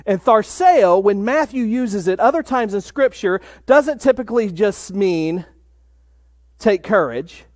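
A man preaching a sermon in a measured way, dropping to a hush for emphasis. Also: high-pitched, animated, no echo, clean studio sound. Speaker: pastor.

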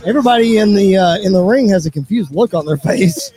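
A man narrating an imagined wrestling show in an excitable play-by-play announcer's manner. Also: sits high, quick pace, faint music behind.

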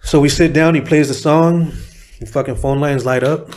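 A middle-aged man from San Diego, a rapper guest telling a story in a profane, animated way, acting out the people he quotes. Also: fairly high pitch, normal speed. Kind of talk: casual storytelling interview.

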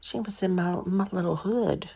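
A woman's voice: fairly low pitch, moderate pace, gravelly, background noise. A woman guest in a casual tribute chat, speaking in an emotional way.

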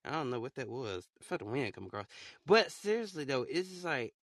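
A man's voice: medium pitch, big pitch swings, brisk, a bit bright, no echo. A young man hosting a podcast in loose, casual chat, rambling in slang with lots of fillers. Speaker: podcast host.

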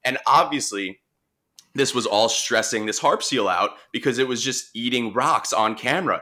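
A young man with a Long Island accent, telling a work story in a relaxed, chatty way, with lots of restarts and fillers. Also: mid-range voice, normal speed. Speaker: marine mammal responder. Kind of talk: casual storytelling conversation.

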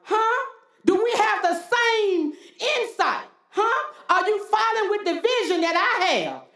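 A woman's voice: very high voice, very animated, unhurried, a bit bright, echoey room. A woman pastor preaching a sermon, calling out to the congregation with repeated "Huh?" and folksy talk. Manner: call-and-response preaching with frequent "Huh?".

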